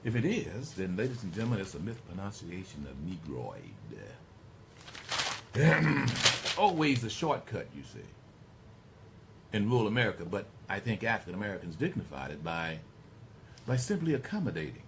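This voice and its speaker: A man's voice: lowish voice, normal speed, slight background noise. A middle-aged man hosting a talk radio show, rambling and digressing as he speaks to his listeners. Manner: rambling, digressive, animated storyteller.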